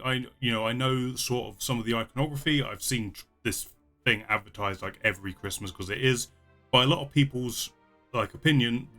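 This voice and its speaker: A chatty man hosts a casual movie reaction, often laughing and using plenty of fillers. His voice is fairly low but has a bright edge. Soft music plays underneath. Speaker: YouTube reaction host.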